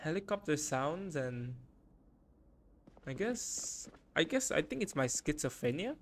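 A young man narrates his gameplay in a frantic, panicky rush, looping the same short phrases again and again. His voice sits a little high for a man. The recording carries steady background noise and mouse clicks. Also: measured pace. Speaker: gaming YouTuber.

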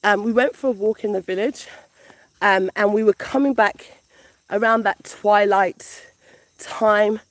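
A woman who grew up in the UK vlogging casually outdoors in a village, gushing and excitable, often repeating her words. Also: mid-range voice, unhurried, no echo. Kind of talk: casual vlog narration.

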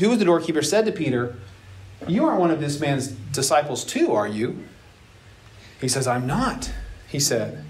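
A man teaching a casual Bible lesson to young adults, retelling the story with lively acted-out voices. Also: on the high side. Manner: animated storytelling, acts out voices with laughs.

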